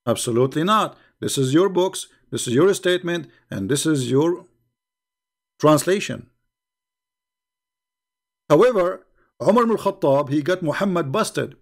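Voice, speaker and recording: Animated but unhurried, this middle-aged livestream host speaks in a higher voice with long pauses. He debates combatively, mocks his opponents, and repeats points to hammer them in during his polemical commentary.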